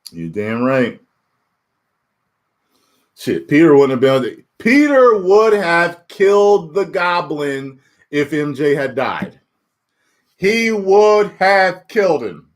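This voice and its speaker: This YouTube reviewer has a high, slow male voice and reads chat questions aloud while casually discussing spoilers. He's animated and full of laughter, sometimes loud and sometimes muttering.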